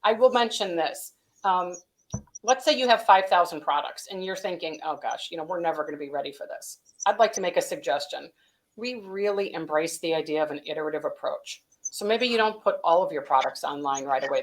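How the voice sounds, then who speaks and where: A woman who is a company vice president gives conversational advice on practical steps during a business webinar interview, peppering it with "um" and "you know". She speaks fairly quickly in a lowish voice, on a rough recording.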